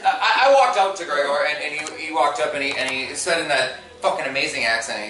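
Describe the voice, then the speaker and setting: A man's voice: a little high, expressive, quick pace, hardly any pauses. Thirtyish male comic, self-mocking storyteller at a convention, recorded from afar in an echoey room. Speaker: stand-up comedian. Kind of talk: stand-up comedy set. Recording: roomy hall, far from the mic, audience noise.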